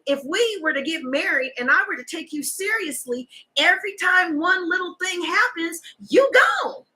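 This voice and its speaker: A woman's voice: high-pitched, pushed and bright, low-quality recording. A woman tarot reader talking in a casual, heated monologue, emphatic and full of profanity.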